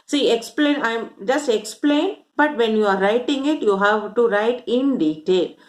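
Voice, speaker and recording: A woman's voice: on the high side, expressive, measured pace. A woman teaching a maths lesson, explaining step by step and asking questions as she goes. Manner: explains step by step, counts aloud, asks rhetorical questions. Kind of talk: classroom lesson.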